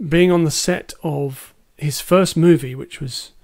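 A man's voice: fairly high pitch, unhurried, vocal fry, a little mellow. A man co-hosting a casual film podcast, hesitant with many ums but enthusiastic. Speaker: podcast co-host.

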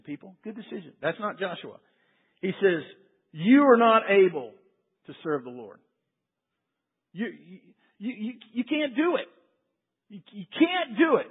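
A man preaching a sermon as a pastor, earnest, swinging between quiet emphasis and raised declarations. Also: sits high, breathy edge. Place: large church sanctuary. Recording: phone-like sound with long hall reverb.

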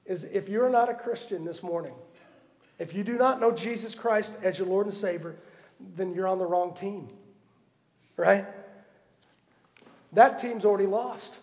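A man preaching a sermon as pastor, telling Bible stories with humorous asides and a lively storytelling manner. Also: very high-pitched, long reverb tail. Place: church sanctuary.

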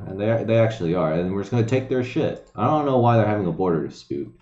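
A man's voice: low-pitched, animated, fast, hardly any pauses, a little mellow. A man streaming from home, reading news aloud and ranting at it with lots of swearing and mumbled asides. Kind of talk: casual profane live-stream commentary. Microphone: desk microphone. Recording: echoey room, slightly dull lo-fi sound.

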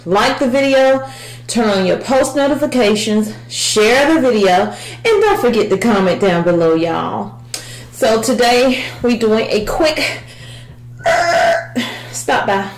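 A woman's voice: a little high, roomy sound, low-quality recording. A woman in her fifties chatting casually to viewers as she eats on camera at home. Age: 50s. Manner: chatty, eats while talking, addresses viewers as y'all. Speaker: vlogger. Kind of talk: casual mukbang chat.

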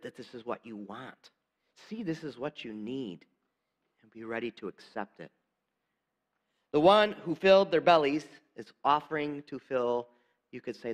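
Male pastor, relaxed conversational sermon, mid-range voice, quiet emphatic drops. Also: medium pitch. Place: church sanctuary.

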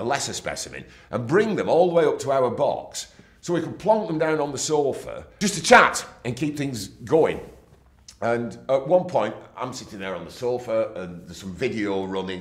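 Lively middle-aged storyteller, roomy sound. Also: male voice, mid-range voice. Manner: lively raconteur, acts out what others said, with fillers. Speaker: broadcaster telling his own career stories. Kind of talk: anecdotal storytelling. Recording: roomy echo.

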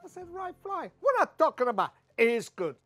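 Exuberant Italian-accented chef. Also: male voice, very high-pitched, huge pitch swings, fast, faint music behind. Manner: exuberant, exclaiming, broken English. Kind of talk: cooking demonstration. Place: by a wood-fired oven.

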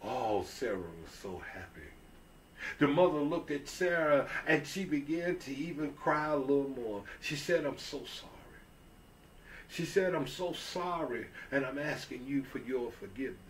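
A man's voice: mid-range voice, lively intonation, moderate pace, far from the mic, a little hiss or hum. A man telling a Christian story in a folksy, repetitive way, lifting his voice when he quotes people. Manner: folksy, repeats himself, raises his voice when quoting characters.

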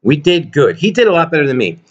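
A man's voice: on the high side, sing-song, fast, lo-fi sound. A man vlogging casually to his viewers about his toy collection, rambling and joking. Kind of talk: casual chat to camera.

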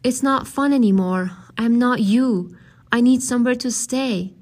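Woman voicing despairing young woman, lifted pitch, plaintive questions, audiobook character. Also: unhurried, a little mellow. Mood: pleading. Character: weary despairing young woman, lost and sulking.

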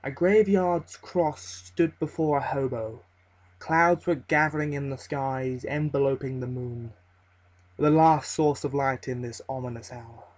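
A man reading a horror story aloud as its narrator, in a slow, measured and ominous delivery. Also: mid-range voice, steady tone, poor audio.

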